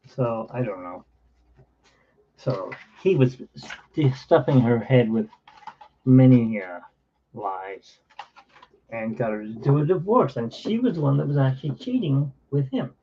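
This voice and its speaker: A man's voice: mid-range voice, lively intonation, unhurried, pauses often, dark tone, dull audio, a little hiss or hum. A man in his forties, host of his own channel, telling a blunt, wry story in a casual rambling monologue. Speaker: channel host playing keyboard.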